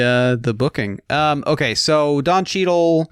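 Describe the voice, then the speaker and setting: A man's voice: a little high, unhurried, smooth, dry recording. Dry-sounding jokey male podcast host. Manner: jokey, self-deprecating, rambling asides. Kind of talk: casual chat.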